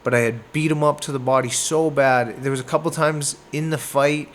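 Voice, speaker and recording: A man from Canada, a boxer in his thirties, telling a fight story in a casual podcast chat. His voice sits at a middle pitch, and he talks in an animated way, acting out the blows with sound words. A faint hiss of noise runs behind him. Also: a little fast. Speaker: boxer guest.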